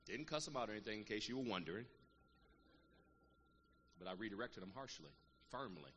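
A middle-aged man preaching a sermon, calling out to the congregation and swinging between loud exhortation and quiet, earnest asides. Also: on the low side, expressive, fairly quick, highs cut off. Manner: call-and-response preaching, calls out "Amen" and "saints". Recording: long reverb of a large hall, faint room noise.

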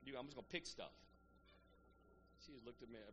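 A man's voice: medium pitch, huge pitch swings, fairly quick, background noise. A man preaching a sermon to a congregation, rising into emphatic call-and-response and easing back into plain teaching.

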